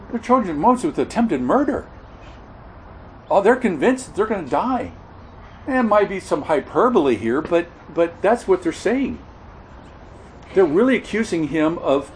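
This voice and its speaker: A man preaching an expository sermon, earnest and halting, often repeating words and correcting himself mid-sentence. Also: fairly high pitch, a little hiss or hum, poor audio. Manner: earnest expository teaching, stresses key words.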